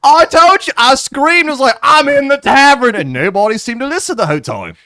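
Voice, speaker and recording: A jittery, gushing tavern hand played by a man running a tabletop game, with a put-on Australian twang. His voice jumps way up high and swings all over the place. It is recorded dry and close. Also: sing-song, quick pace, a bit bright, no echo. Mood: frantic. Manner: squeaky, apologetic, gushing. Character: overexcited male tavern worker, jittery and chatty.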